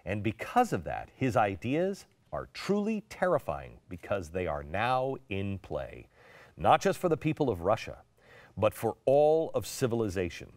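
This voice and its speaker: A middle-aged man hosting a political monologue show, dramatic, dropping to a hush and then rising to hammer his points. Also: lowish voice, sing-song, measured pace, no echo. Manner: dramatic, swings between hushed and emphatic. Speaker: host.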